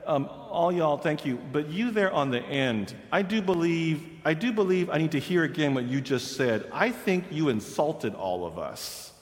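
A man's voice: a little high, expressive, normal speed, hardly any pauses, big-room sound, natural voice. A man voicing a polite but pointed young Southern woman with a Southern US drawl, in a preached story.

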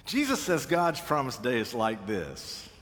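A man's voice: medium pitch, wildly swooping pitch, unhurried, a bit bright. A man preaching a sermon, telling stories with dry humor and acting out the voices he quotes. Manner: wry storytelling, acts out quoted voices. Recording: long reverb of a large hall.

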